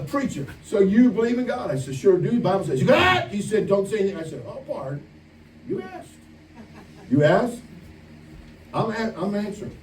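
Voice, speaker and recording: High-voiced preacher man in an echoey hall. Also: slight background noise. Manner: animated storytelling, acts out quoted voices. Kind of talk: camp sermon. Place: large room at a camp meeting. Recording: echoey room, distant mic, faint ambience.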